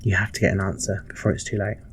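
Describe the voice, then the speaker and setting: A man's voice: low-pitched, steady tone, very fast, slight background noise. A man narrating a tabletop game as game master, vivid and a little sweary.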